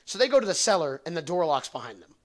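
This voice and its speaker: Talking at a quick clip with big swings in pitch, this young podcast host's voice runs on the high side. He tells a long, meandering tale laced with swearing, cracking jokes and laughing at them himself in casual storytelling.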